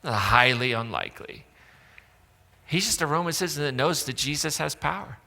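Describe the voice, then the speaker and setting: A man preaches to his congregation in a loose, sarcastic, conversational way, voicing the characters in his stories. His voice is bright and a little high. It rings out in a large, reverberant church hall. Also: lively intonation, normal speed, gravelly. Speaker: pastor. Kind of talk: sermon. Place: church auditorium.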